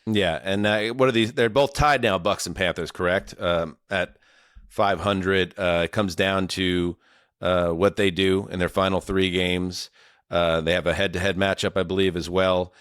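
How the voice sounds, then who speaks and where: Low-voiced male podcast host. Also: moderate pace, clean tone, no echo, studio quality. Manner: relaxed, many fillers, jokey. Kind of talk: casual sports podcast chat.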